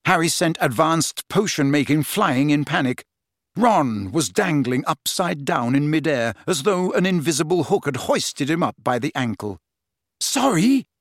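A man narrating a fantasy novel as an audiobook, with expressive storytelling. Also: on the high side, normal speed, dry recording, clean studio sound. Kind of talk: scripted narration.

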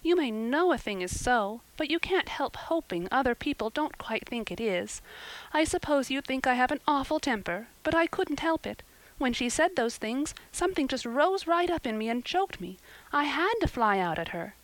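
A headstrong, dramatic orphan girl, as a woman reader puts her on, her voice lifted high and pouring out in impassioned, pleading bursts. The storybook reading is close and dry, with no room around it. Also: expressive, normal speed, no room sound, low-quality recording. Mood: wailing, pleading. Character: passionate, dramatic red-haired orphan girl. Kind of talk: audiobook character reading.

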